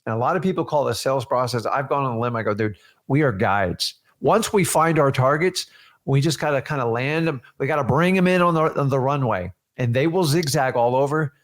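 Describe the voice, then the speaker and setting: A man's voice: mid-range voice, fairly quick. A man co-hosting a casual chat, talking in an emphatic, coach-like way straight to the viewers. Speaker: co-host.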